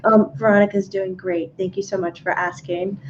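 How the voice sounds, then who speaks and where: A woman taking part in a casual livestream as a medium, calmly relaying messages to viewers. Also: medium pitch, moderate pace. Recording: dull lo-fi sound, faint noise.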